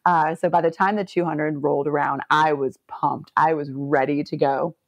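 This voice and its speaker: A woman in her forties tells her story with lots of laughter and lively, swooping acted-out quotes. Her voice sits a little low for a woman. The recording is close and dry. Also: normal speed, no room sound. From United States. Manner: animated, laughs often, acts out quotes. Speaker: Olympic swimmer guest. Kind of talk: storytelling in a podcast interview.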